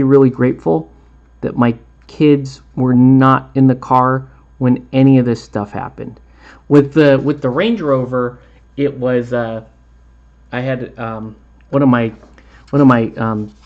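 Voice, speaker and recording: A man's voice: mid-range voice, measured pace, long pauses, phone-quality sound. A man hosting a miniature painting tutorial, chatting in a rambling way and laughing often. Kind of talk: casual chat while painting a tutorial.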